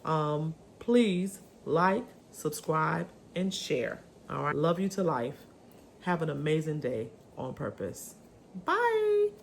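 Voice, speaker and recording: Brief: lower-pitched woman vlogger, chatty and animated, with a faint hiss behind her. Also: slow, gravelly. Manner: chatty, animated, swooping pitch, many ums. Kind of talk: casual chat to camera.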